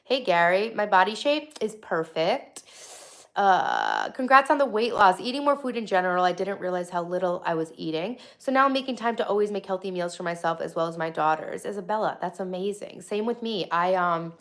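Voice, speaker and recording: A woman in her thirties with a faint, softened Long Island accent hosts a casual livestream from her home studio. She reads viewer comments and answers them in a chatty, quick way. Her talk is full of ums and restarts. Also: lowish voice, very animated. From Long Island, New York. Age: 30s. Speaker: livestream host.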